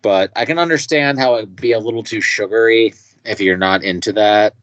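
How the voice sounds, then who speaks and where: A low-voiced American man co-hosting a music podcast, laid-back and wry, and swearing casually. His mic sounds dry and dull, with no room echo and a muffled, lo-fi tone. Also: normal speed, fairly bright tone. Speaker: podcast co-host. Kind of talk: casual music review chat.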